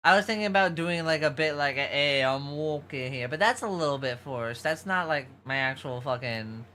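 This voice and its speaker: Man, soft feminine voice, New York accent, streamer chatting with viewers, rambling and profane, bright tone, faint background noise. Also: fairly high pitch, fairly quick. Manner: rambling, profane storytelling to chat. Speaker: VTuber streamer. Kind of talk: casual livestream chat.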